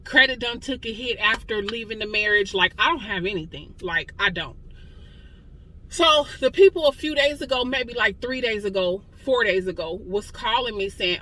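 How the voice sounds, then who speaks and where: A woman's voice: mid-range voice, normal speed, bright, forceful tone, slight background noise, poor audio. A woman in her forties giving an impassioned personal testimony, weary and close to tears, talking straight to listeners in a conversational way. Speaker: testimony speaker.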